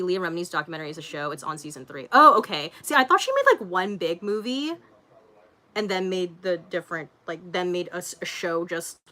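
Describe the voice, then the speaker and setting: Bright-voiced chatty woman livestreamer. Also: lowish voice. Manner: chatty and rambling, full of fillers like "um" and "like"; laughs often. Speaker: livestream host reading viewer comments. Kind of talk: casual livestream chat.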